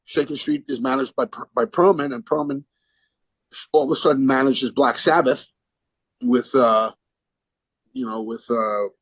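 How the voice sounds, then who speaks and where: This podcast guest, a musician, spins a loose story full of restarts, lively as he imitates the people he quotes. He speaks at a normal pace in a slightly rough mid-range voice with frequent pauses, captured on a dry, poor-quality recording.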